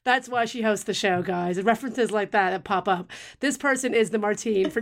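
A woman with an Australian accent, co-hosting a podcast in casual, animated chat and laughing often. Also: medium pitch, moderate pace. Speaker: podcast co-host.

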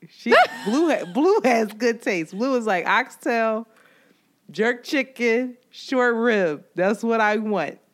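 A woman co-hosting a podcast in casual chat, an animated storyteller who swears freely and laughs often. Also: mid-range voice. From New York. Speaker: podcast co-host.

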